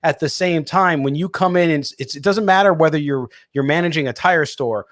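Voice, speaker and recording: A man's voice: a little high, a little fast, no echo, studio quality. A man co-hosting a sports radio show who reads listener comments aloud and answers them in casual chat.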